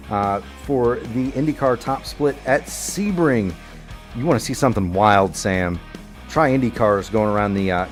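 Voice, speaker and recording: A man hosting an online racing broadcast, rambling through the upcoming schedule in a folksy, chatty way. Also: mid-range voice. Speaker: sim racing broadcast host. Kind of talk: broadcast commentary.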